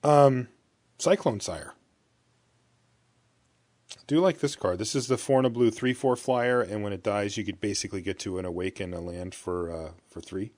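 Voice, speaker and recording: A man's voice: lowish voice, normal speed, long pauses, a little mellow, no echo. A man co-hosting a podcast, leading a casual card-game chat and reading out card text. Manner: leads the discussion, reads out card text. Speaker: podcast co-host.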